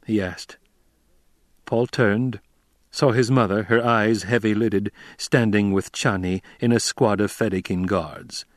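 An audiobook narrator reads a novel in an even, measured storytelling manner as scripted narration. His voice is on the low side, with a dry recording and clean studio sound.

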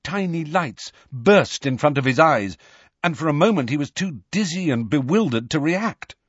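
Lively male audiobook narrator. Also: a little high, moderate pace, breathy edge, no echo, lo-fi sound. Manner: dramatic, lively reading. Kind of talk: scripted narration.

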